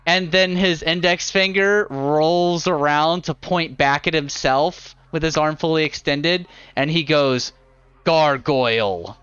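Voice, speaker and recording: A man runs a live tabletop game as dungeon master, describing the scene in an unhurried, steady way. His voice is smooth and a little high, recorded dry with a slightly dull mic. Fillers dot his descriptions. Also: no echo.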